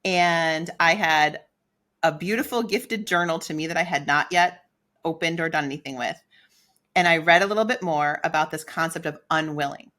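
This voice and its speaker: A middle-aged woman co-hosting a podcast, telling a personal story in a candid, animated way and acting out her own inner dialogue. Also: low-pitched, normal speed. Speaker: podcast co-host.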